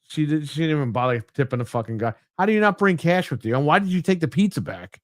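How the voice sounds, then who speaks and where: Chatty man, slightly high, dry sound. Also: animated, fast, dry recording. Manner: rambling anecdotes with profanity. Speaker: podcast co-host. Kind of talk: casual chat.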